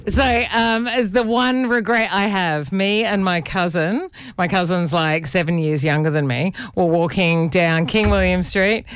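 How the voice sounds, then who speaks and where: A woman, co-hosting a radio show and telling an excited story in casual chat. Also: on the low side, measured pace, few pauses, clear, resonant tone. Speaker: radio co-host.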